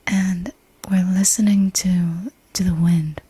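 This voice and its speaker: A woman's voice: on the low side, steady tone, takes it slowly, mellow, husky, no room sound. A young woman telling a personal story in a whispered ASMR voice, casual and rambling, with the odd swear word. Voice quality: unvoiced whisper. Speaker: ASMR creator.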